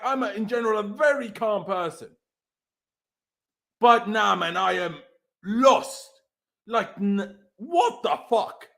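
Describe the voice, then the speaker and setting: A man's voice: very high-pitched, fairly bright tone. A man hosting a football fan channel, delivering a furious, swearing post-match rant over a call.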